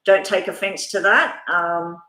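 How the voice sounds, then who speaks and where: Aussie lady doing a live tarot read, bright voice, rambly, kinda echoey room. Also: fairly low pitch, measured pace. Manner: chatty, rambling, lots of fillers and restarts. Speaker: tarot reader. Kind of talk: live-stream tarot reading.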